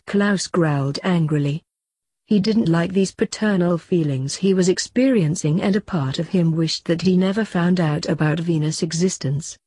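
A woman's voice: lowish voice, normal speed, warm tone, breathy edge, dry recording, clean studio sound. A woman reading fanfiction aloud, narrating steadily and lightly voicing the dialogue. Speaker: fanfiction reader.

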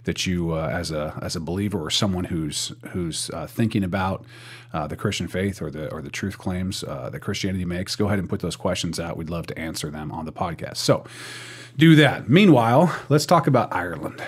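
A man's voice: low voice, fairly quick, breathy edge. A young man hosting a church podcast in casual chat, rambling and repeating words as he thinks. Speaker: podcast host.

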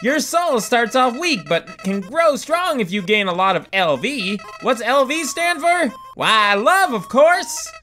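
A man's voice: very high voice, lively intonation, slow pace, few pauses, pushed and bright, faint music behind, pitched above the performer's own voice, exaggerated voice. A man voicing a chipper, two-faced little male flower in a video game, with a folksy drawl that slides toward a Southern twang. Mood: chirpy. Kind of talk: let's-play character voice.

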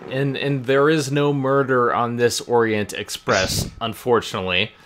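A man's voice: mid-range voice, flat delivery, moderate pace, fairly bright tone. A man hosting a podcast, chatting casually about a film with wry, joking asides. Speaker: podcast host.

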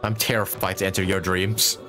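A man's voice: deep voice, flat delivery, fairly quick, over music. A man streaming a video game, reacting with baffled laughter and swearing in casual commentary.

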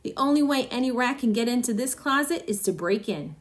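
A woman reading the part of a ruthless, vindictive businessman husband, speaking gruffly and smugly. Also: a little high, expressive, fairly quick, close to an everyday voice. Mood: cold, smug. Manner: gruff, smug, harsh.

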